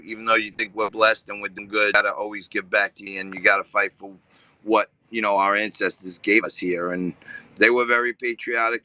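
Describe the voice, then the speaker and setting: A man's voice: fairly low pitch, pushed and bright, no echo. A man from Staten Island with a thick New York accent, an easygoing guest answering interview questions. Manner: easygoing, talks with many fillers. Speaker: guest, news show host.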